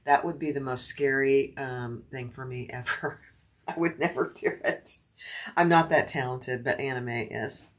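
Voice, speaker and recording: A woman's voice: a bass voice, fairly even intonation, normal speed. A middle-aged woman chatting casually on a sewing livestream, answering viewer comments as she works.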